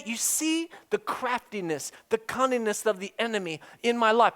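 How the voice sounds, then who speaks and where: A male pastor preaching a sermon emphatically, repeating a key phrase and swinging from loud, raised delivery down to a hushed, quiet tone. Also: high voice, lively intonation, normal speed, few pauses.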